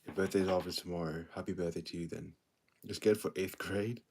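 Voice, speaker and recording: A young man chats casually on a livestream, answering viewers in a tired, subdued, low-key way. His voice sits very low with a gravelly, creaky edge. A faint hiss of noise sits under the recording. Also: steady tone, a little fast, darkish tone. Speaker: livestream host. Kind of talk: casual livestream chat reading comments.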